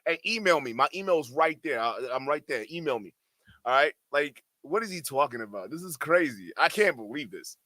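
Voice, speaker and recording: A man reacting to clips on a stream, excitable and mocking, often repeating himself and swearing. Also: a little high, fairly quick, no echo. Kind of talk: casual reaction commentary.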